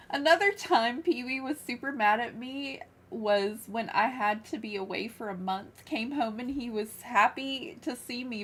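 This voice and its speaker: A woman chatting casually on a live game stream from her room, soft-spoken and giggly, gushing over cute things. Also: high-pitched. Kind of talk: casual livestream chat while playing. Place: her own room, small fan running beside her.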